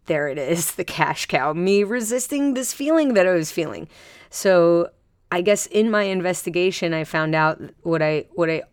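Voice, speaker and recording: A woman with a low, dry, close-miked voice talks through a self-compassion practice on her solo podcast. She is gentle and unhurried, dropping soft laughs and playful pictures into the reflection. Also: animated, smooth, no echo. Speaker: podcast host.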